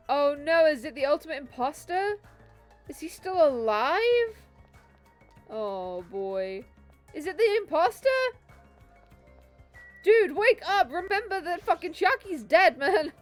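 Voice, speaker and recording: A woman streaming a game, reacting in an excitable way and swearing, laughing and exclaiming at what happens on screen. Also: high voice, slow pace, pauses often, faint music behind. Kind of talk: live gameplay commentary.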